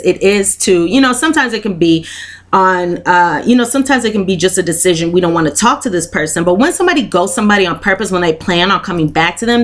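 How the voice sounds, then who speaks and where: A woman giving a spoken tarot reading, earnest and encouraging, who repeats her phrases and leans on "you know" fillers. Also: mid-range voice. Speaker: tarot reader.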